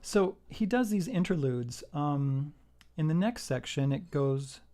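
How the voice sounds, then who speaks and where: A man's voice: on the high side, lively intonation, a little slow. A man giving a casual guitar lesson, walking through a song and counting out the beats. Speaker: guitar teacher. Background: acoustic guitar playing.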